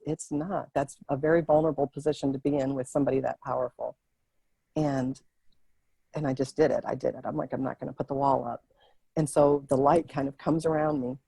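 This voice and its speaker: Woman with a creaky, dark voice. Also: low-pitched, no echo, low-quality recording. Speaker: interview guest. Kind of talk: personal storytelling.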